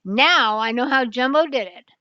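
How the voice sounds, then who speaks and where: A woman's voice: sits high, normal speed, sharp tone, dry recording, dull audio. Big Max, a woman reading as a sure detective. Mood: confident. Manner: confident, explaining. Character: boastful clever elephant detective, male.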